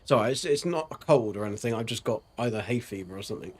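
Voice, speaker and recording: Streaming a video game, a man rambles through casual commentary, cracking jokes and throwing in silly sound effects. His voice is lowish and husky, and he talks fast and animatedly.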